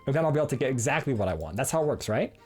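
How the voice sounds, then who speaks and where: A man's voice: mid-range voice, sing-song, very fast, darkish tone, soft background music. A man streaming a video game live, talking playfully and jokingly, often stammering and repeating words. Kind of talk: live gameplay commentary.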